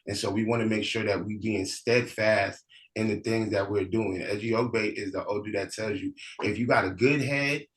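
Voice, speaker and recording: A man, a priest, teaching and telling a story in a relaxed, conversational way. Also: lowish voice, moderate pace, low-quality recording. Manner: relaxed, conversational, with frequent restarts.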